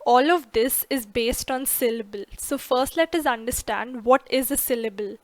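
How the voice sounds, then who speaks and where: A woman narrating an English grammar lesson, slow and careful, stressing each example word clearly. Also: a little high, no room sound.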